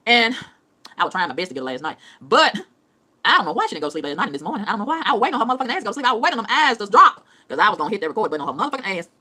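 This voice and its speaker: A woman's voice: medium pitch, sing-song, racing, sharp tone. A woman ranting in a profane, heated vlog monologue, repeating phrases as she goes. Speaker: vlogger.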